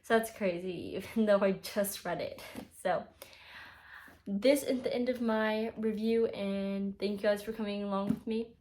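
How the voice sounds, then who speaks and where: A young woman vlogging about a book series she is reading. She talks casually and emotionally, full of fillers. Her voice sits at an ordinary middle pitch for a woman. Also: fairly even intonation, measured pace, mellow, slight background noise. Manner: chatty and emotional, frequent fillers. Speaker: book reviewer.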